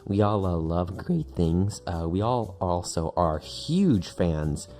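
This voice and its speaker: A man's voice: low-pitched, expressive, slow pace, dark tone, faint music behind, full character voice. A man voicing a laid-back male metal fan and anime weeb who rambles and swears casually. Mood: rambling.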